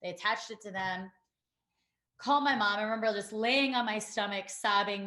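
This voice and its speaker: A woman, a podcast guest, telling a painful personal story in a halting way, full of fillers and restarts. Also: medium pitch, pushed and bright, echoey room. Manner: halting, many fillers and restarts, quotes others.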